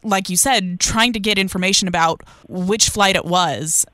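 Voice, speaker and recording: Soft-spoken woman interviewer. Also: mid-range voice, normal speed, dry recording, studio quality. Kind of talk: gentle interview questions.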